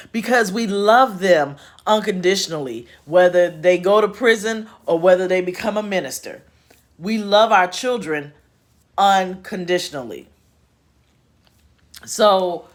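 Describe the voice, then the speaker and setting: A woman hosting a casual spiritual chat from home, folksy and chatty with laughing asides. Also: on the low side. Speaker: host. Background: home repair noise.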